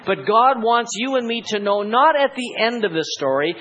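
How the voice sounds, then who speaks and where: A man's voice: very high voice, expressive, normal speed, pushed and bright, highs cut off. A male pastor giving a sermon, asking rhetorical questions and acting out voices in dramatic asides.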